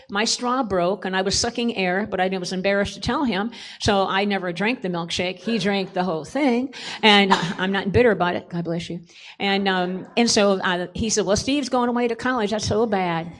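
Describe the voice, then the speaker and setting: An older woman on a church conference panel, telling a personal story in a chatty way and laughing often. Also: medium pitch.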